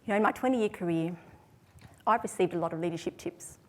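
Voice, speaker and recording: Woman giving a measured storytelling talk. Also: lowish voice, a little hiss or hum. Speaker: speaker. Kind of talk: prepared talk to an audience.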